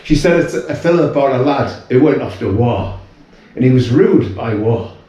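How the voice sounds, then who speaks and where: A man's voice: mid-range voice, animated, normal speed, warm tone, lo-fi sound. A British man in his fifties, a guest in casual chat, talking earnestly and rambling with many restarts. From United Kingdom. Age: 50s. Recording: very echoey room, away from mic.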